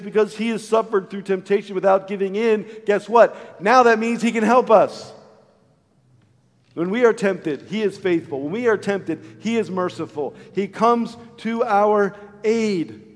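Man preaching, high voice, earnest, dynamic from loud to hushed, long reverb of a church hall. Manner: acts out voices in a story. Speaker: pastor. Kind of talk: sermon.

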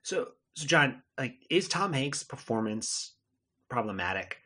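A man co-hosting a podcast in casual chat, speaking lively with lots of fillers. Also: mid-range voice, slow, breathy edge. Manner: lively, uses many fillers like "like". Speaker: podcast co-host.

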